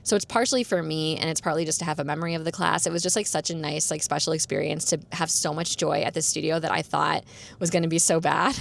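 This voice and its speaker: Here the podcast host sounds low and steady, talking quickly with vocal fry over a faint hiss or hum. She's a young woman chatting casually by herself, filling her sentences with "like."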